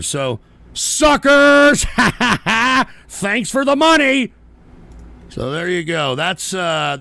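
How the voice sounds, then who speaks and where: A man hosts a live-streamed show in a bright, sharp voice with a gravelly rasp. He rants in a profane, combative way. He mocks his viewers and argues back at the messages they send in. His voice sits a little high for a man. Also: dry recording. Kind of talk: casual ranting commentary.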